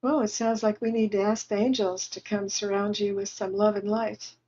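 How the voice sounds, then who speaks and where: A woman hosting a livestream as a spiritual medium, channeling gentle, consoling messages from the other side for her viewers at home. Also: medium pitch, little pitch movement, normal speed, muffled recording.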